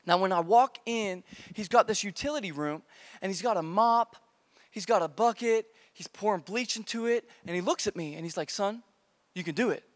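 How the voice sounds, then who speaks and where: A man preaching a casual youth sermon as pastor, energetic and joking, recorded live in a church. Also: high voice, moderate pace. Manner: energetic, playful, joking with repeated slang. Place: church auditorium, live service. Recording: long reverb of a church hall.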